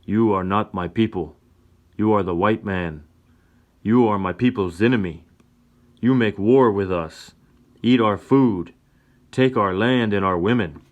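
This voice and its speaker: A man's voice: lowish voice, unhurried, phone-quality sound, natural voice. A man playing a stern tribal chief. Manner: commanding, stern.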